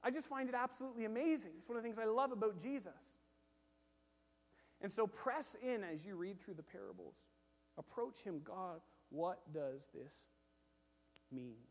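A man with a high voice delivers a sermon from the pulpit, animated and swinging between loud emphasis and quiet, hushed asides. He slips into quoted voices to act out little scenes. The sound carries a long reverb, as from a large church hall. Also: a little fast. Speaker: pastor.

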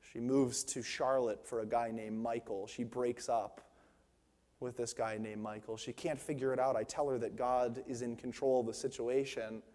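A man's voice: mid-range voice, level tone, normal speed, darkish tone. A young man preaching a sermon on stage, telling personal stories and building to fervent, emphatic preaching. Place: large church hall on stage. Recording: long hall reverb.

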